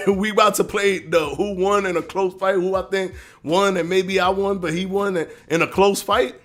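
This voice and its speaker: A man hosting a live stream, arguing his points and answering chat comments in a casual, animated way. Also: sits high, moderate pace, faint music behind. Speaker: livestream host reading chat.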